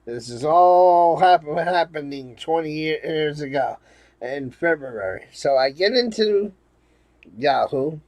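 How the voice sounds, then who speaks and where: A man's voice: fairly high pitch, lively intonation, slow pace, darkish tone, no echo. A man from Rhode Island telling a rambling, profane story in a casual monologue to his viewers. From Rhode Island, USA. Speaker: vlogger.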